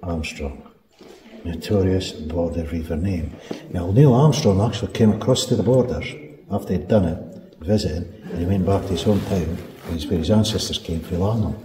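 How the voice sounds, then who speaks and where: A man's voice: deep voice, moderate pace, warm tone. A middle-aged Scottish man guiding a castle tour in a chatty, storytelling way, chuckling as he goes. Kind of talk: casual chat and guided tour. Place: large castle room indoors. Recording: echoey hall from far off with noise.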